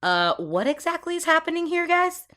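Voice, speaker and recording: Woman, tabletop game player, casual chat, giggly, exclamatory, lively swooping pitch. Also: normal speed.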